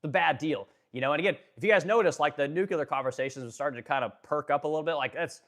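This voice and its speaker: Fast-talking, blunt male streamer. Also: a little high, a bit bright. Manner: blunt, profane, filler-heavy. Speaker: live-stream host, furniture business owner. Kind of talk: casual political commentary live stream.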